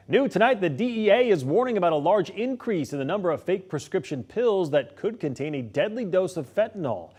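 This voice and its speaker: A male news anchor with a slightly high-pitched voice reads the late local news. His delivery is steady and measured, moving smoothly from story to story. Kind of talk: scripted news reading.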